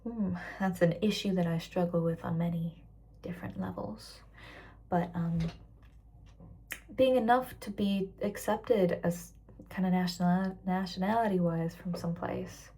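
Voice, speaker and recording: A young woman of about twenty speaks with a mixed British-American accent, tired after a shift. Her voice is breathy and husky. She rambles candidly through a casual vlog rant and often sinks into soft whispers. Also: on the low side, fairly even intonation, a little slow. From raised internationally, living in Britain. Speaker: waitress vlogger.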